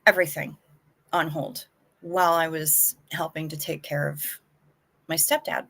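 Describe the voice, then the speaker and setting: A woman's voice: sits low, fairly even intonation, a little slow, vocal fry, a bit bright. Woman, live-stream host, casual chat, frank talk, anxious undertone. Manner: chatty, frank, swears casually.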